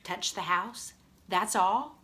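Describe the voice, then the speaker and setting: A woman's voice: medium pitch, takes it slowly, sharp tone. A woman reading aloud and voicing a stubborn, boastful young boy with an insistent drawl. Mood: excited.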